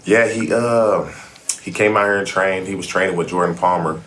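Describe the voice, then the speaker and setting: A man's voice: sits low, normal speed, a bit bright. A man from California, a guest on a podcast, talking in a laid-back, casual way. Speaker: former football player and guest. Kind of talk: casual interview chat.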